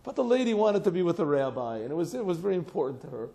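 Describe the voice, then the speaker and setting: A man teaches a class in a low, gravelly, mellow voice, set a little high for a man. He tells stories with lively acted-out voices and chuckles, then slows down to translate a text phrase by phrase. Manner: animated storytelling, acts out quoted voices, laughs often; translates phrases slowly word by word.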